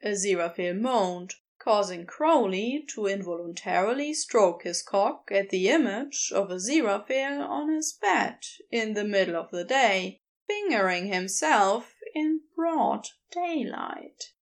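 Slow, expressive woman narrator. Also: medium pitch. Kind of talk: scripted narration.

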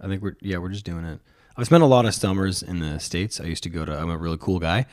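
A man's voice: deep voice, quick pace, darkish tone. A Canadian man with a Canadian accent, chatting casually on a podcast in a jokey, self-deprecating way.

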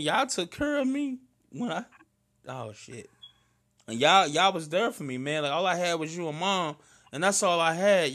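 Animated, bright-voiced St. man. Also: fairly high pitch. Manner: loud, animated storyteller, slangy and emphatic. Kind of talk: casual chat between cousins.

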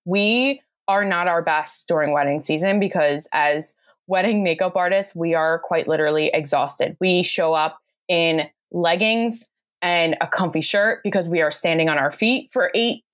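Brief: American woman guest, low-ish voice, effusive and chatty, dry close sound. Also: moderate pace, no echo. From United States. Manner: effusive, gushing, repeats "quite literally". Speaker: guest, bridal makeup artist. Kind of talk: casual interview chat.

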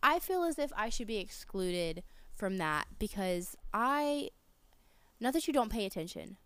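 A young woman telling a story on a podcast, acting out the people in it. Her voice is smooth and clear. She is close to the mic in a dry room. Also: medium pitch, a little slow, dry recording. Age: young adult. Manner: animated storytelling, acting out quotes. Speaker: podcast co-host. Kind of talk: casual chat.

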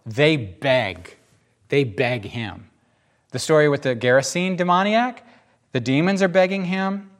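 Animated man teaching the Bible. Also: on the high side, measured pace. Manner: animated, emphatic, conversational.

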